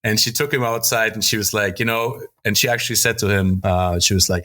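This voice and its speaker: A man's voice: fairly low pitch, a little fast, hardly any pauses, pushed and bright. A man co-hosting a podcast in casual chat, telling stories loosely with lots of "like" fillers and swearing. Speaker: podcast co-host.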